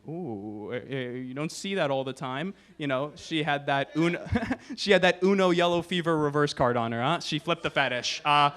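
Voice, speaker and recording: A young man doing a stand-up set on a comedy club stage, animated and profane, with quick asides. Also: a little high.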